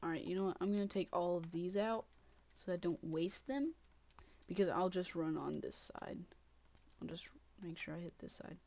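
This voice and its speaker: A woman's voice: fairly low pitch, moderate pace, a little mellow, slight background noise. Woman muttering through gameplay commentary. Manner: mutters and whispers to herself, with sudden frustrated outbursts. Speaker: gaming channel host.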